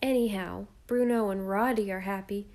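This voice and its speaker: A woman reading aloud and voicing a heartbroken boy who speaks sternly and in a choked, slow voice. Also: medium pitch, fairly even intonation, a little mellow, close to an everyday voice. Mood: grieving. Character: proud, heartbroken boy who loves dogs.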